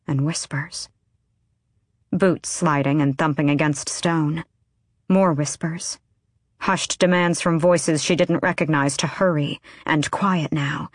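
A woman narrating a fantasy audiobook in a steady, measured way. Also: deep voice, no echo, clean studio sound. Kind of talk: scripted narration.

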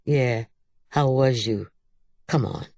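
Bossy scornful girl, as a woman reads her, raised pitch, dry close sound. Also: slow pace, vocal fry, dark tone, no echo, full character voice.

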